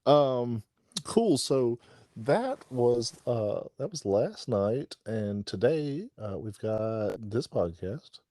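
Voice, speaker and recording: A man's voice: mid-range voice, animated, takes it slowly, warm tone, no room sound. A man co-hosting a podcast, telling rambling jokey stories and laughing often. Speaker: podcast co-host. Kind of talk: joking casual chat.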